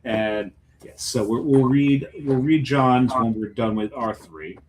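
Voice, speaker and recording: A man's voice: mid-range voice, measured pace, background noise. A man co-hosting a beer podcast in casual chat, rambling and trailing off mid-sentence. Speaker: podcast co-host.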